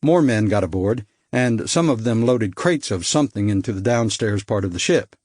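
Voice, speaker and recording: A man narrating a first-person thriller audiobook in a measured, dry storytelling manner. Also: lowish voice, lively intonation, darkish tone, dry recording.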